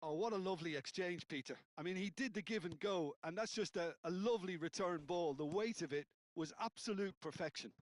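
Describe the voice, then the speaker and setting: Brief: male co-commentator, fairly high voice, calm analysis, dry close sound. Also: dry recording. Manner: measured, analytical. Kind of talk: video game football commentary.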